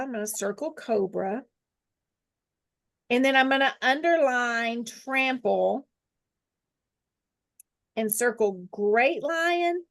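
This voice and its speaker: Woman Bible teacher, slightly high voice, unhurried, friendly and patient. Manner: slow, deliberate dictation, repeating phrases; friendly, laughs at herself. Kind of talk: guided scripture lesson with drawing.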